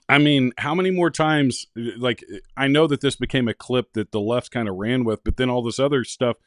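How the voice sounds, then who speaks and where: A plain-spoken man co-hosting a political podcast who mostly chimes in with short agreement. His voice sits at an ordinary middle pitch, and the close mic keeps it dry. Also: moderate pace, no echo. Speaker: podcast co-host. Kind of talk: casual political chat.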